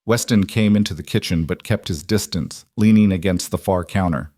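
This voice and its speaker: Low-voiced man narrating a story. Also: moderate pace, hardly any pauses, darkish tone, no echo, clean studio sound.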